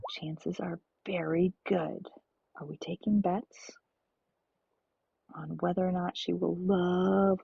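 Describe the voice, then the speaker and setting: A woman's voice: on the low side, steady tone, takes it slowly, creaky, long pauses, dark tone, husky, no echo. A woman streaming a farming game, chatting and thinking aloud to her viewers. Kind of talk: casual let's-play chat. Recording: dull lo-fi stream audio.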